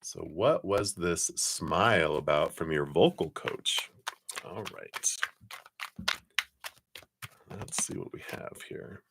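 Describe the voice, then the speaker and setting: A middle-aged man hosting a live card-reading stream, chatting casually, often chuckling and clearing his throat. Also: low-pitched, animated, takes it slowly, pauses often, noisy background.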